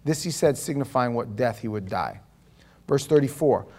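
A pastor preaching a sermon, swinging from loud emphatic lines to quiet asides, with chatty restarts and stammers. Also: male voice, mid-range voice, expressive, moderate pace.

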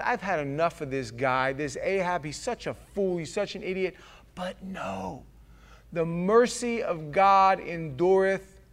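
Animated preacher guy, kinda high voice, cracks jokes and acts out the bible stories. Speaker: pastor. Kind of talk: sermon.

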